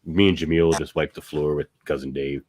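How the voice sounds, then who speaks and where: A man's voice: a bass voice, brisk. A man hosting a podcast, chatting casually over a video call and plugging other shows. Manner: relaxed, plugs network shows. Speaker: podcast host.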